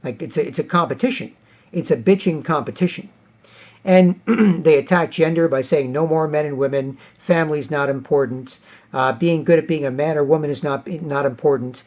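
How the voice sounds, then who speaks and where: A man's voice: on the high side, moderate pace, darkish tone, muffled recording. A man delivering a rambling, repetitive political rant as a vlogger.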